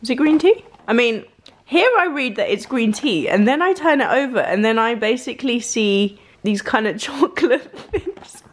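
A woman's voice: on the high side, expressive, moderate pace. Bubbly, gushing young woman vlogger. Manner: bubbly, gushing, laughs often. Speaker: fitness and food vlogger. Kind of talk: casual vlog.

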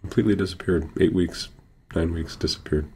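A man's voice: sits low, steady tone, fairly quick, warm tone, husky. A middle-aged man telling healing stories as a guest on a radio interview, earnest and building to emphatic payoffs. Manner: acts out patients' quoted speech. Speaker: healer and guest.

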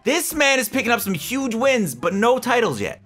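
A young man narrating his wrestling sim playthrough with a high, bouncy, very animated voice. His tone is bright and sharp, and he swings between sudden shouted reactions and low muttered asides. Faint music plays behind him. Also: normal speed. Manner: excitable, swings from loud outbursts to mumbled asides. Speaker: gaming YouTuber. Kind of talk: gaming commentary.

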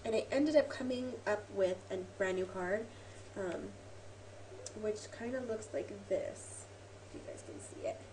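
A woman with a medium-pitched, darkish voice hosts a relaxed craft tutorial at a measured pace, with slight hiss or hum in the background. She's chatty and rambling, full of ums and self-corrections, and a bit sniffly from a cold.

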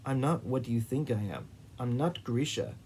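Snappy sarcastic young woman, read by a guy, mellow voice. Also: mid-range voice, big pitch swings, moderate pace, a little hiss or hum.

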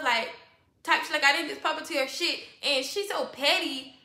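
High bright-voiced woman vlogger, echoey room. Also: normal speed. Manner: animated, profane, talks straight to viewers. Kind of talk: casual storytime vlog.

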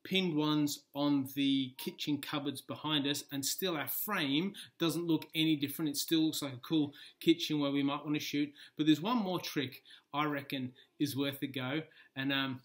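Playful Australian man, slightly high voice, casual home tutorial on a laptop mic in a kitchen. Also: moderate pace. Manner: playful, chatty, demonstrative. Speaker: video tutorial presenter. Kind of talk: casual how-to demonstration. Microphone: laptop built-in mic.

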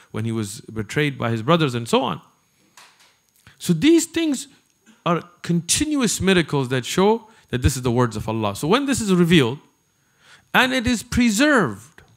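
A man giving an animated religious lecture to a live audience, talking conversationally and turning to the listeners with asides. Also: a little high. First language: not Arabic. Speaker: Islamic preacher.

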